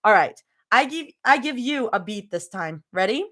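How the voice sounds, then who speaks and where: A woman's voice: a little high, expressive, normal speed, bright, forceful tone. A woman voicing a playful mother and former idol rapper, rapping in an over-the-top freestyle style.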